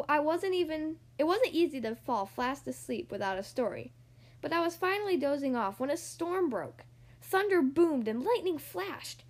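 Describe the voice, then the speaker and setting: Woman narrator for a children's storybook, high voice, very lively reading. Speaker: storybook reader. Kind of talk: storybook read-aloud narration.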